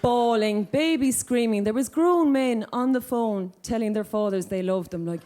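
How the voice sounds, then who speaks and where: A woman's voice: on the high side, normal speed, hardly any pauses, a little mellow, slight background noise. A woman doing a brash stand-up routine, laughing through her punchlines, recorded live in a club. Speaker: stand-up comedian.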